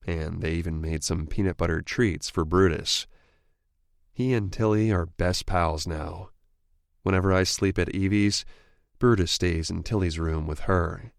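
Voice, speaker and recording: Man, audiobook narrator, first-person romance, steady even reading, deep, dry close sound. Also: gravelly, no room sound.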